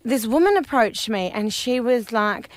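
A woman's voice: a little high, animated, normal speed, dry recording. A woman hosting a podcast, chatty and laughing often as she tells stories. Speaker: podcast host. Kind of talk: casual chat.

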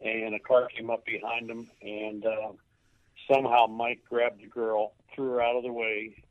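An older man who used to coach baseball tells a heartfelt story on a tinny phone line, with no echo. His mid-range delivery is flat, but he falters and repeats words, overcome to the point of tears.

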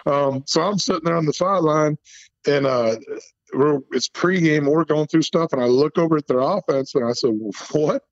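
A man's voice: on the high side, moderate pace, no echo. A man in his fifties, a former football coach, telling stories as a guest, laughing often and acting out what people said. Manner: animated storyteller, laughs often, acts out quotes. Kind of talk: casual storytelling interview. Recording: dull lo-fi phone-call audio.

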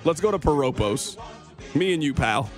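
Animated sarcastic sports radio host man. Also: a little high, moderate pace, soft background music. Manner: opinionated, sarcastic, animated ranting.

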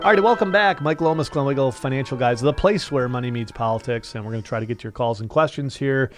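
A man co-hosting a financial talk radio show, pitching services with salesy energy and rising heat when riled up. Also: fast talker, music in the background.

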